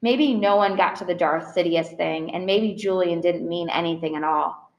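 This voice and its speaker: A woman's voice: lowish voice, moderate pace, muffled recording. Woman reading a kids book first person, earnest, echoey room. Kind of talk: audiobook narration. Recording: roomy echo.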